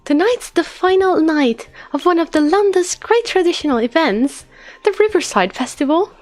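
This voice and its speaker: A woman doing a narrator voice while reading a game's story text aloud, in a raised, deliberate storytelling manner. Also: very high-pitched, expressive, a little mellow, faint music behind, voice pushed up. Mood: narrating. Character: storybook game narrator, female, measured.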